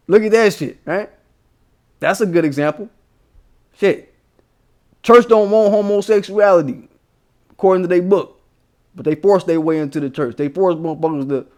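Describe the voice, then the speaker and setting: A man's voice: high-pitched, darkish tone. A man from Maryland giving a profane, heated commentary rant on his vlog. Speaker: commentary vlogger. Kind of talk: ranting commentary.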